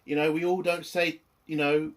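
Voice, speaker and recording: A man's voice: on the high side, flat delivery, moderate pace. Sweary British man ranting a review. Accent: British English. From Britain. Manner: sweary, ranting, lots of fillers. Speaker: TV review host. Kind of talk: casual spoken review.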